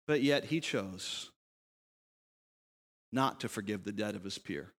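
Slow and fairly low-pitched, a pastor delivers a sermon in a hall with long reverb. He narrates a parable with animation, using rhetorical questions and voicing each character's lines.

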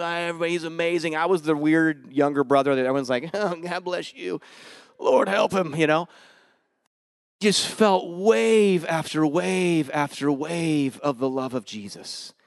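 A man preaching a sermon, telling his conversion story with animated emotion, casual slang and sudden swings from loud to hushed. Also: a little high, dry recording. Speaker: pastor. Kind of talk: sermon with personal testimony.

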